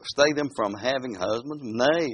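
A man preaching a sermon. He reads scripture aloud slowly, breaks into folksy asides, and keeps asking his listeners questions. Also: mid-range voice, slight background noise. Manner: animated, asks the listeners questions.

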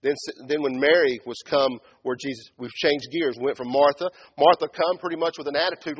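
Male preacher, husky and fairly high, big dynamic swings from hushed asides to shouting, mocks biblical characters' voices in a church sermon. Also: fairly even intonation, a little fast, few pauses, lo-fi sound. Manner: swings between loud shouted build-ups and quiet low asides; acts out biblical speakers in mocking tones.

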